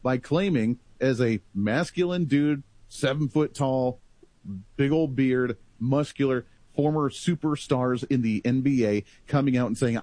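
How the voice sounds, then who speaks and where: A man talking in a casual political talk show, animated and rambling in long stretches. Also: mid-range voice, a little slow, no room sound.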